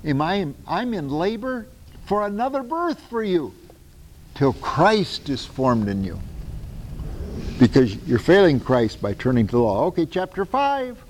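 Reverberant preacher teaching from scripture. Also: male voice, on the high side, a little slow, slight background noise. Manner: reads scripture aloud, breaks in with asides; animated, swings between loud and soft. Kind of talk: Bible teaching sermon. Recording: long reverb of a large hall.

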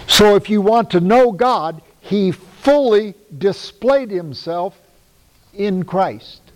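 Male preacher, fairly high voice, emphatic, rhetorical questions, long church reverb. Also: lively intonation, slow pace. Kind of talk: sermon.

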